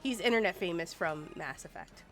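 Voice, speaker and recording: Woman game streamer, 40s, lively casual chat over faint background music. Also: on the low side, brisk. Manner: chatty, animated, swears casually.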